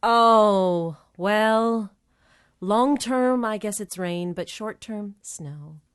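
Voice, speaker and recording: A woman's voice: mid-range voice, extremely slow, clear, resonant tone. A woman from Canada who is a guest on a podcast, chatting casually in a bubbly way and laughing often.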